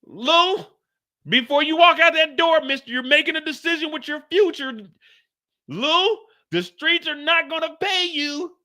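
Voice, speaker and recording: A man's voice: very high-pitched, unhurried, bright, forceful tone, voice pushed up, full character voice. A man putting on a desperate male record executive who begs in a frantic, whiny way. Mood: frantic pleading. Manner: frantic, whiny begging, repeating a name.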